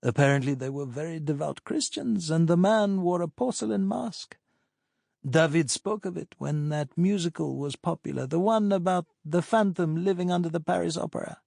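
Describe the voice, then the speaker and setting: A man's voice: a little high, normal speed, vocal fry, a little mellow, no echo, clean studio sound, voice pushed up. A man voicing a chatty older doctor recalling an old friend on the phone. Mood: reminiscing. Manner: chatty, reminiscing.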